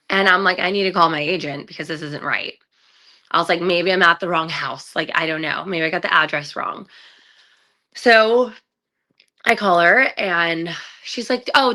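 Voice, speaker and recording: Bright-voiced woman recounting her story. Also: fairly low pitch. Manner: candid storytelling with acted-out quotes and many fillers. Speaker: guest, trafficking survivor. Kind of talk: personal story in conversation.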